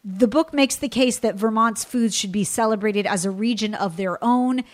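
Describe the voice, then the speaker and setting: A woman's voice: a little high, normal speed. A woman hosting a radio food show, talking in an effusive, gushing way.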